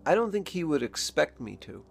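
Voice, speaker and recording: A grieving father, older, speaking in a halting, reflective way in a personal video diary, close to tears. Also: on the high side, big pitch swings, gravelly, faint music behind. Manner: halting, reflective, pausing often. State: emotional, near tears.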